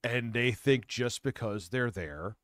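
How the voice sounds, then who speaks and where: A man's voice: medium pitch, takes it slowly, fairly bright tone, no echo. A man co-hosting a casual commentary stream, mocking and often laughing. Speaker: stream co-host.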